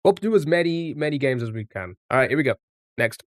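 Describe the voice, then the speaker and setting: A man's voice: medium pitch, expressive, brisk, no echo, clean studio sound. A man live streaming a music guessing game, chatting casually and reacting to his chat as he plays.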